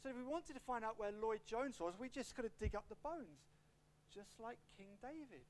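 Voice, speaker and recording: Male preacher, animated delivery, acts out quotes, shifting pace, faint hum behind. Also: very high voice, normal speed. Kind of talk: expository sermon with a personal story.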